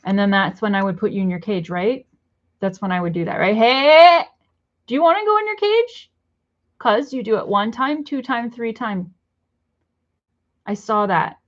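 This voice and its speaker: A woman's voice: medium pitch, moderate pace, lo-fi sound. A young woman in her apartment scolding her pet bird over and over in simple, broken phrasing, exasperated and lecturing. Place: apartment indoors.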